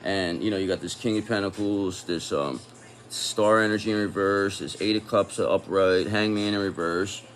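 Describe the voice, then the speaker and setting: A man's voice: lowish voice, fairly even intonation, moderate pace, slight background noise. A man giving a casual tarot reading, talking in an angry, profane and confrontational way. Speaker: tarot reader.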